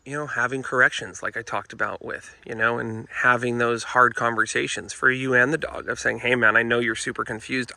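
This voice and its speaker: A man's voice: medium pitch, vocal fry, bright, forceful tone, dry recording. A man who trains dogs, talking casually and earnestly to camera and often calling his viewers "folks" while explaining a point. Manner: earnest, repeats "folks" and "you know". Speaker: dog trainer. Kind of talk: casual instructional talk to camera. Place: indoors with dogs nearby.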